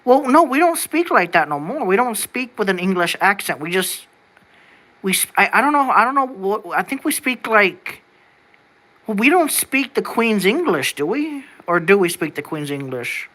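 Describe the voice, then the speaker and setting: An American vlogger thinks aloud to the camera in a loose, rambling style, with big pitch swings at a normal speed. The mid-range voice is bright and sharp-edged, and sentences restart often as questions pile on, peppered with casual swearing.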